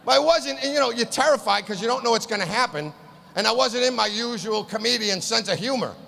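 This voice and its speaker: A male comedian rants through his set with profane exasperation, his high voice bright and gravelly. His shouted punchlines ring out into the long reverb of a live hall over faint room noise. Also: brisk. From East Boston. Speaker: stand-up comedian.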